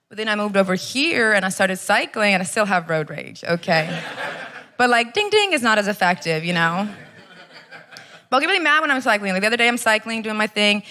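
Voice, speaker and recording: American woman, young, stand-up comic, bright voice, brash and sweary. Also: mid-range voice. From Los Angeles area, US. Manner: brash, swearing, crowd-teasing. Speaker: stand-up comedian. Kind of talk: stand-up comedy set. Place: comedy club stage with live audience.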